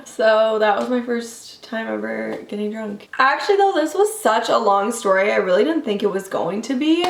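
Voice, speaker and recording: A young woman vlogger telling a casual story in a quick, chatty way, full of fillers, jumping up in pitch when she quotes people. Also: gravelly, echoey room, a little hiss or hum. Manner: animated voices when quoting people.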